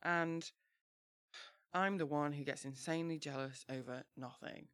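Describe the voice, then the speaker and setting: A woman co-hosting a casual chat, reading from her old teenage diary with lively, laughing energy. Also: low-pitched, measured pace, dry recording, studio quality. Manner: animated, laughs easily, reads aloud in bursts.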